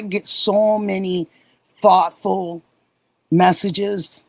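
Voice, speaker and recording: A middle-aged woman from Oregon hosting a casual livestream, warmly thanking viewers and answering chat messages. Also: low-pitched, a little slow, no room sound, rough recording. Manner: warm, gushing, reads and answers chat messages. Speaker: livestream host.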